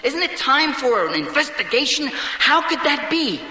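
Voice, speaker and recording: A man gives a political speech in an insistent way, pressing his points with rhetorical questions. His voice sits very high and sounds sharp and bright. The room is big and echoing, with a long reverb. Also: big pitch swings, moderate pace. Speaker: speaker. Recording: roomy hall with long reverb.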